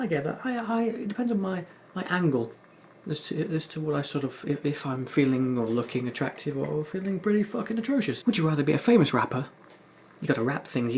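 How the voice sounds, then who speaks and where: Sweary young guy rambling over a game, gravelly voice, bit of hiss behind. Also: a little high, darkish tone. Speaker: gaming video host. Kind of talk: casual commentary while playing.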